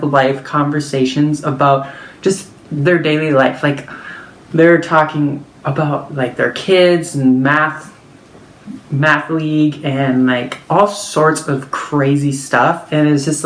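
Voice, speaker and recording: A woman telling a personal story in a casual vlog, chatty and full of fillers. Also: sits low. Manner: chatty, filler-heavy, lots of "like". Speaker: vlogger. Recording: echoey room.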